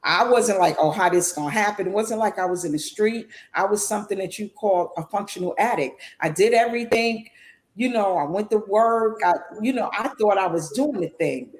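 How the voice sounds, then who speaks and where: A woman's voice: medium pitch, normal speed. A middle-aged woman co-hosting a podcast, sharing an emotional personal story in an earnest, confessional way. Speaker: co-host.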